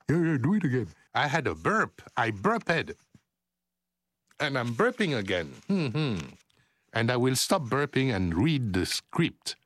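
Older male guest, former broadcaster, jokey and animated, bouncy pitch. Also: measured pace, dry recording, clean studio sound. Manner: animated, playful, joking. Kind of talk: casual chat.

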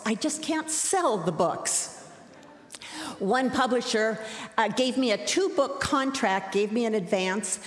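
A middle-aged woman tells a story live to an audience. Her delivery is wry and self-deprecating, and she times the comic lines. Her voice carries through a roomy hall with a long, ringing reverb. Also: fairly high pitch. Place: large hall.

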